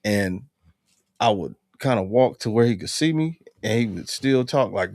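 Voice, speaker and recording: Gravelly, low-voiced host telling a story. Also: male voice, a little slow, dry recording, studio quality. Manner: animated storyteller acting out both sides of quoted exchanges. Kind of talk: casual conversation, storytelling.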